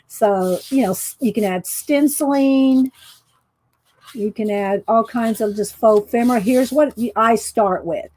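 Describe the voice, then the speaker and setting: A woman's voice: on the high side, measured pace, a little mellow. A woman running a live craft demonstration, chatting with viewers and giggling often as she goes. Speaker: art journaling instructor.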